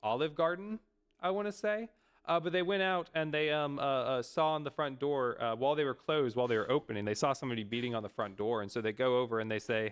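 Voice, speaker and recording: A man's voice: medium pitch, fairly even intonation, fast talker, clean tone. A young adult man streaming, talking casually and rambling with many fillers and restarts. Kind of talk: casual chat.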